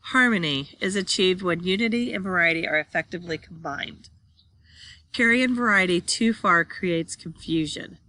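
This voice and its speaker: Bright-voiced woman teaching from slides. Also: fairly low pitch, moderate pace, dry recording. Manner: reads slide text aloud, then restates it plainly; points at pictures while explaining. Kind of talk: classroom slide lecture.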